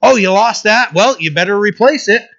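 A man's voice: sits high, lively intonation, normal speed, fairly bright tone, pitched above the performer's own voice. A man voicing a fed-up, hardworking man who indignantly confronts his boss. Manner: indignant, demanding. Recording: dull lo-fi recording.

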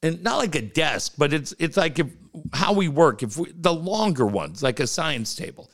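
Gravelly, animated man telling stories. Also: on the high side, moderate pace. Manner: animated, profane, laughs through his stories. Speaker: podcast co-host. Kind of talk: casual chat, storytelling.

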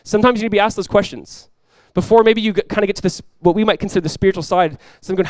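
A man's voice: high-pitched, rapid-fire, few pauses, darkish tone, no echo. A man preaching a sermon as pastor, talking casually with the congregation and rising into emphatic bursts.

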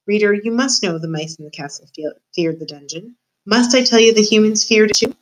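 A woman teacher reading a novel aloud to her students, expressive and addressing the reader directly. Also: medium pitch, a little fast, rough recording. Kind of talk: read-aloud storytelling.

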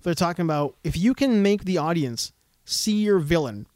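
A man with a high, bouncy voice that swings widely in pitch, chatting about comics in a casual, animated way. The sound is dry and close, with no room around it. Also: normal speed, no echo. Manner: animated, lively comic-book fan talk. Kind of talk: casual chat.

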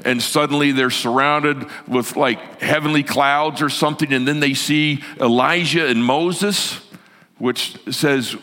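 A male pastor preaching a sermon in an animated way, swinging from loud to hushed, heard in a reverberant church hall. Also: medium pitch, normal speed.

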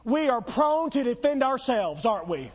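A man's voice: very high voice, big pitch swings, normal speed, highs cut off. A man preaching a sermon as pastor, emphatic and full of rhetorical questions to the congregation.

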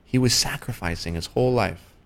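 A man's voice: mid-range voice, brisk, a bit bright. A man who is a father, hosting a casual conversation and reflecting with empathy. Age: adult father.

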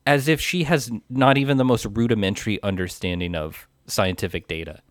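Deep-voiced man, dry close sound. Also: fairly even intonation, no echo. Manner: measured, hesitant with "uh" and "um" fillers. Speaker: podcast co-host. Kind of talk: casual movie discussion.

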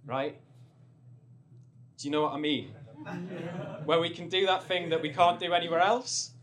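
A man's voice: fairly high pitch, moderate pace, pauses often, a crowd in the background. A young man from North East England telling a funny personal story on stage, rambling and self-deprecating, with many restarts.

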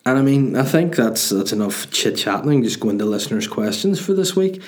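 A man's voice: medium pitch, big pitch swings, a little fast. A Northern Irish man hosting his own podcast, chatting in a rambling, jokey, sweary way. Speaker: podcast host and comedian. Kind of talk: casual solo podcast chat.

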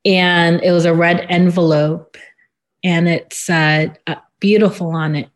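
A woman in an interview who gives a personal account in a halting, subdued way, with many pauses and fillers. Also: fairly low pitch, steady tone. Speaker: interview guest.

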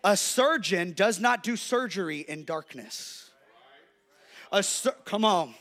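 A man's voice: sits high, a little hiss or hum. A man pastor preaching a sermon with lots of energy, acting out the voices of God and the devil. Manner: preaching to a congregation, playing the devil's and God's voices; energetic, with quick restarts and repeated calls.

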